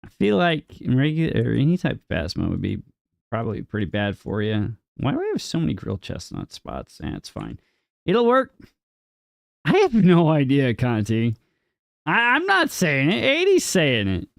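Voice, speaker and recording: This gravelly, medium-pitched voice swoops wildly as a young man streams a game at a moderate pace, captured cleanly in a studio with no echo. He reads chat and answers casually, playfully mock-indignant, his voice leaping up whenever he asks something.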